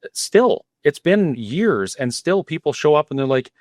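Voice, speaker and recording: A man's voice: fairly high pitch, very animated, moderate pace, darkish tone. A middle-aged man from Alberta, a guest cafe owner, telling his story candidly and earnestly with frequent restarts. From Alberta, Canada. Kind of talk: interview storytelling.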